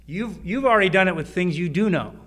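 A middle-aged man preaching a sermon, with emphatic repeats and sudden drops to a hushed voice. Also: high voice, lively intonation, fairly quick. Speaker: pastor.

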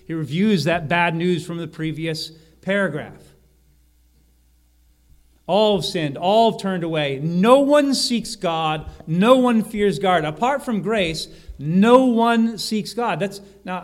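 A man preaching a sermon, slowing and rising on key phrases and often correcting himself mid-sentence. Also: high voice, lively intonation. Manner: emphatic, slows and rises on key phrases, frequent self-corrections. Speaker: pastor.

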